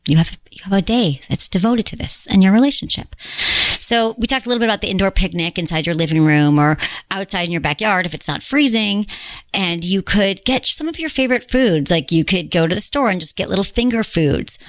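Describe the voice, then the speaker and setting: A woman's voice: medium pitch, lively intonation, fairly quick, no echo. A middle-aged woman hosting a podcast, giving frank and upbeat advice in casual chat. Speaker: podcast host.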